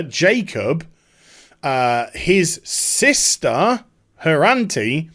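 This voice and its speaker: A man's voice: a little high, a bit bright. A man giving sarcastic, mocking commentary as a video host, swearing casually as he talks. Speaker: YouTube commentator.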